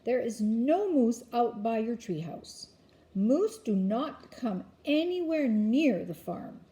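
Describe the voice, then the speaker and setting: A woman voicing a startled, sleepy father who shouts in a storybook reading. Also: fairly high pitch, expressive, takes it slowly. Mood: scoffing. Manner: flustered, shouting. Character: startled sleepy grown-up dad.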